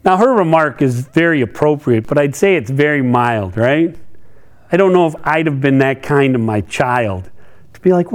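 A middle-aged pastor preaches conversationally, posing questions to his listeners as he walks them through scripture. His voice is slightly high and expressive, at a moderate pace.

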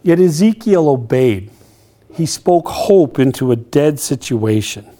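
A man preaching a sermon, animated and playful, acting out quotes with humor. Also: medium pitch, unhurried. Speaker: pastor.

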